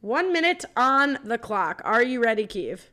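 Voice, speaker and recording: A woman co-hosting a casual podcast, running the segments in a brisk, teasing way. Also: fairly high pitch, sing-song, pushed and bright.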